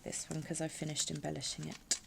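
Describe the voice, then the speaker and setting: A woman hosting a craft tutorial, hesitant with many ums, dropping to soft murmurs as she works with her hands. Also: deep voice, completely flat delivery, fairly quick, creaky, noisy background. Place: home craft space.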